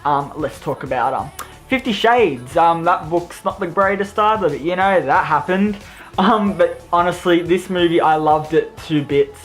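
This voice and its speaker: A man's voice: fairly high pitch, normal speed, a bit bright, faint music behind. Chatty Australian guy reviewing films. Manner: enthusiastic, rambling, self-deprecating. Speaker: movie reviewer. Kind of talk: casual vlog review.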